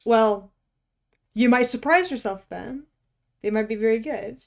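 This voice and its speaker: Woman, art streamer, casual chat, unhurried pace, self-deprecating, casual swearing. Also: fairly high pitch, creaky, a little mellow. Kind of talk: casual live-stream chat while drawing.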